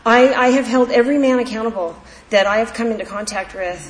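A woman's voice: on the high side, fast talker. A woman candidly sharing her personal recovery story at a meeting, in a heartfelt storytelling manner. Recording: echoey hall with faint background noise.

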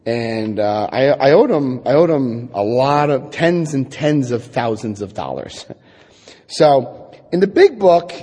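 A middle-aged man from New Jersey telling a personal recovery story, wryly and self-deprecatingly, acting out dialogue with halting restarts. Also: medium pitch, warm tone. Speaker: speaker sharing his recovery story. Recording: long hall reverb.

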